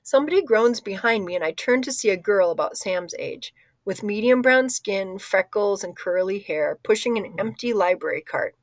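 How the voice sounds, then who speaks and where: A woman's voice: medium pitch, expressive, normal speed, no echo. Female audiobook narrator, conversational, dry close read. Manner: conversational, with slips and asides. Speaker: audiobook reader. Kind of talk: first-person book narration.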